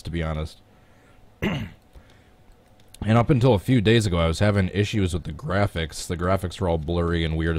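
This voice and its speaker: A man with a low voice and a Midwestern American accent, hosting a casual gaming live stream. He keeps up a chatty flow and greets his viewers one by one by name. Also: a little mellow.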